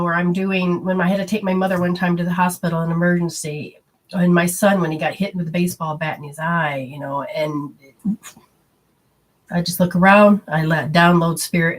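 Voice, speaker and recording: A woman's voice: on the low side, fairly even intonation, moderate pace. A middle-aged woman hosting a spiritual talk show, speaking in a chatty, rambling way and acting out quoted voices. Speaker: spiritual radio host. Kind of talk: casual spoken talk.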